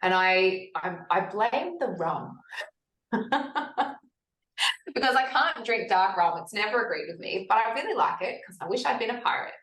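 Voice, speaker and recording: A woman in her forties, a health practitioner talking as a guest in a conversational interview, telling stories lively and acting out her own past thoughts. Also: mid-range voice, fairly quick, few pauses. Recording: echoey room.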